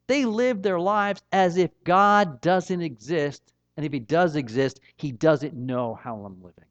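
In an animated, unhurried voice on the high side, a middle-aged man preaches as pastor, earnest and emphatic, his delivery climbing and falling. The recording has no room sound and is dull and slightly muffled.

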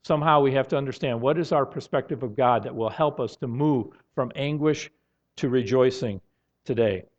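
A man preaching a sermon in an earnest tone, now and then rising to loud, emphatic outbursts. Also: mid-range voice, moderate pace. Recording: dull lo-fi sound.

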